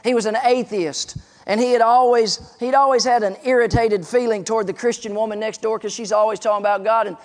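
A man's voice: sits high, fairly even intonation, a little fast. A man in his forties preaching a sermon, telling a story and stressing points emphatically. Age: 40s. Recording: long reverb in a large hall.

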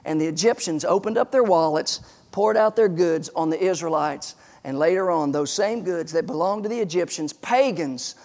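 A man's voice: on the high side, normal speed, darkish tone. A man in his forties preaching a sermon, telling a story and stressing points emphatically. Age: 40s. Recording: long reverb in a large hall.

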